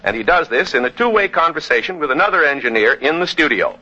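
A male announcer narrates in a chatty, scripted storytelling style, dropping friendly asides. His voice is fairly high and very bright. The sound is dull and muffled, like an old radio recording. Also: animated, fast, breathy edge.

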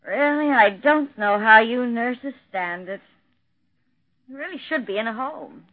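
A fussy, self-absorbed daughter. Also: female voice, fairly high pitch, lively intonation, a little slow, no echo. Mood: complaining. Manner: fussy, complaining. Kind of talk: vintage radio drama acting. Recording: tinny old radio broadcast.

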